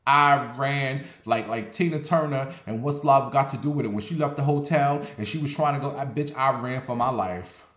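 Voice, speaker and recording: A man from Ohio telling a casual story in an animated, profane, dramatic way. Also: mid-range voice, moderate pace, few pauses. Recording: roomy echo.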